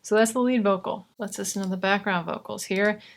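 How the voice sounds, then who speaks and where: A young woman explaining how she records and layers vocals, in a chatty, relaxed way with asides. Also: medium pitch, brisk, creaky. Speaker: vocal producer teaching. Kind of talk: casual tutorial explanation.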